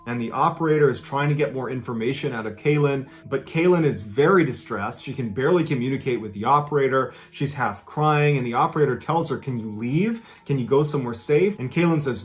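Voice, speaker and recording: With a mid-range voice and a steady, practiced delivery, a man narrates a true story with dramatic emphasis, slowing down to build tension. He raises his pitch to act out what people said. The clip is played from an original video inside a reaction video.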